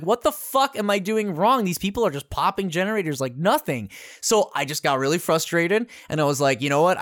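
This co-host talks in a lively voice that rises and falls a lot and curses freely while rambling through gaming anecdotes. The sound is dry and close, with no room around it. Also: medium pitch, no echo. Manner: animated, profane storytelling. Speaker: podcast co-host. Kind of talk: casual podcast chat.

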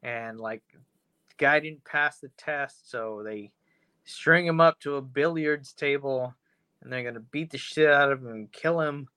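A man's voice: mid-range voice, unhurried, bright, forceful tone, clear, resonant tone, no echo. Crude rambling podcast co-host man. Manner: rambling, crude retelling with put-on quotes. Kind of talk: casual podcast banter, retelling a horror episode.

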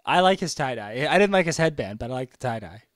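A man's voice: mid-range voice, big pitch swings, fast talker, dry recording, clean studio sound. A man co-hosting a casual chat show, easygoing and playful. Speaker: podcast co-host.

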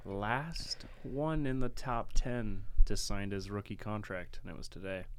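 A man co-hosting a podcast in casual chat, animated and jokey. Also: lowish voice, measured pace, clean tone. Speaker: podcast co-host. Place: podcast studio.

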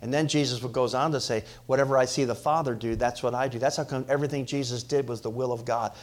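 A man's voice: mid-range voice, fairly even intonation, fast. Man, pastor, preaching sermon, rising and falling emphasis, questions to congregation. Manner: swings between loud emphatic rises and quiet drops.

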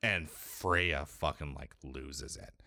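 A man's voice: extremely low pitch, slow pace, bright, forceful tone, dry recording, studio quality. A young man casually recapping a video game's story, rambling, swearing and filling his sentences with 'like'. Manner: rambling, profane, heavy filler 'like'. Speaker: podcast co-host recapping a video game. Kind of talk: casual chat.

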